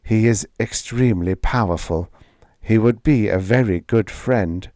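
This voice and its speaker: A man reading the lines of a tense young woman captain in a science fiction story, sounding urgent and then falsely calm. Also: on the low side, measured pace, dry recording, clean studio sound, natural voice.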